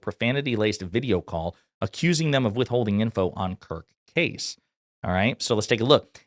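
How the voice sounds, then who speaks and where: A man's voice: on the low side, no room sound, studio quality. A man from Kentucky giving casual political commentary in a blunt, sarcastic, profane way.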